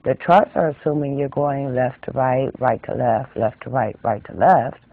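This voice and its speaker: A middle-aged man hosts a casual knitting tutorial on his channel, chatty and rambling at a moderate pace and often repeating phrases. His mid-range voice comes through a tinny, dry recording.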